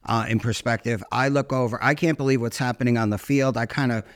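An enthusiastic man co-hosting a laid-back interview. He jokes freely and drops "man" and "dude" into his lines, with a voice of ordinary pitch. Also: steady tone, quick pace. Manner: enthusiastic, joking, calls people "man" and "dude". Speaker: podcast co-host. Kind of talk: casual interview chat.

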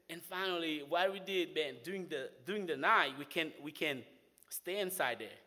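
A young man from Haiti with a Haitian accent, telling a personal faith testimony in an animated way, often saying "man". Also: on the high side, normal speed. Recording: long hall reverb.

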